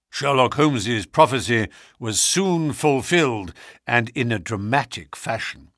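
A man narrating a classic novel audiobook in a measured storytelling manner. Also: no echo, clean studio sound. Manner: measured storytelling with expressive pitch.

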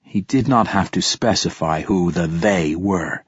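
Brief: male audiobook narrator, very low and husky, measured delivery, dry and slightly dull recording. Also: no echo. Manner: measured, descriptive storytelling. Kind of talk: scripted narration.

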